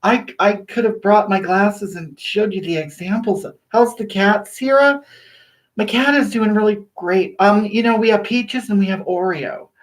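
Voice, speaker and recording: A woman's voice: mid-range voice, a little slow, close to an everyday voice. A woman playing a vain, sassy livestreamer. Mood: gushing. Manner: gushing and self-flattering, sassy toward critics. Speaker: livestream host. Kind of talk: live-stream chat reading viewer comments. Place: small bathroom.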